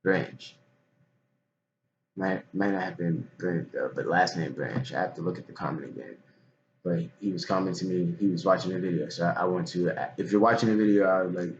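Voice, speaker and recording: A man, vlogging a loose, candid monologue that swings from quiet mumbling to loud animated outbursts. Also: sits low, moderate pace, muffled recording, a little hiss or hum. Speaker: vlogger recapping a trading day. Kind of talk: rambling monologue to camera.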